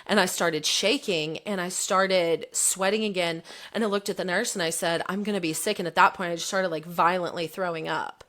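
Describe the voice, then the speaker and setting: A woman's voice: on the low side, normal speed, few pauses. A woman in her thirties, a podcast guest, candidly telling a personal story and acting out the quoted lines. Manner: candid, animated retelling, voicing the quotes.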